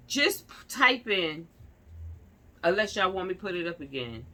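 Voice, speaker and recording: A woman's voice: lowish voice, big pitch swings, unhurried, pauses often, bright, forceful tone. A young woman, ranting and telling a story in casual street slang, acting out the people she quotes. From New York. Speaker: vlogger.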